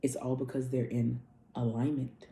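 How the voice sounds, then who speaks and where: A woman's voice: rumbling low, flat delivery, moderate pace, creaky, warm tone, a little hiss or hum. A woman spiritual coach giving a casual astrology reading, loose and profane, repeating herself like a preacher. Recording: roomy echo.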